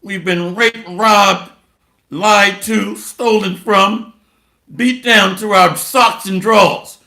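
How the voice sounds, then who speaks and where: A man's voice: sits high, fairly even intonation, slow, gravelly, sharp tone, echoey room. A man preaching a sermon and reading scripture aloud, in a blunt, mocking way.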